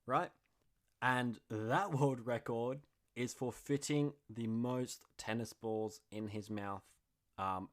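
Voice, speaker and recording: A young man hosting a podcast, chatting casually in an excitable, slangy and jokey way. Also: medium pitch. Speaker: podcast host.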